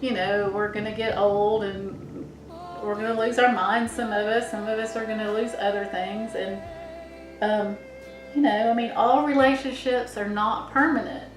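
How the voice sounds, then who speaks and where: A woman's voice: medium pitch, steady tone, moderate pace, soft background music. A middle-aged woman rambling through a reflective monologue, meandering and trailing off as she muses. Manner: meandering, musing, often restarts and trails off. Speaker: vlogger. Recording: echoey room.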